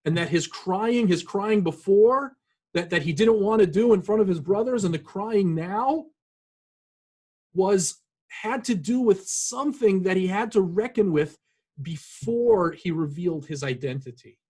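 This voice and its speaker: A rabbi giving an earnest, reflective sermon, pausing often with fillers and restarts. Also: male voice, sits high, mellow, breathy edge. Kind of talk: sermon with scripture reading.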